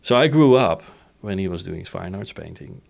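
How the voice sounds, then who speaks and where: A middle-aged Dutch-accented man with a low, gravelly voice tells his story in a relaxed interview. He is animated, laughs often and keeps checking in with "right?". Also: moderate pace. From Netherlands. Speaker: company founder.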